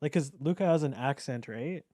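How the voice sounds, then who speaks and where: A man's voice: mid-range voice, normal speed, mellow, no room sound, studio quality. A man co-hosting a podcast who tells stories playfully and acts out quotes as he goes. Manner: playful storytelling, acts out quotes, laughs often. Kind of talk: casual chat.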